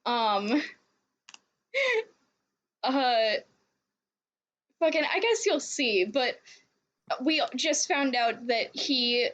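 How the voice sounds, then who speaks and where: A woman's voice: sits high, expressive, extremely slow, long pauses, fairly bright tone. A young woman hosting a game playthrough, rambling and laughing through a casual recap and swearing freely. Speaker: let's play host.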